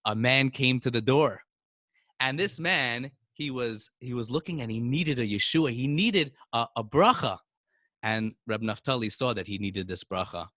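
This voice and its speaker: Guy telling kids stories, lively ups and downs, dry close sound. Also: no room sound. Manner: animated, with sudden swings of pitch. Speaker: storyteller teacher. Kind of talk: storytelling for children.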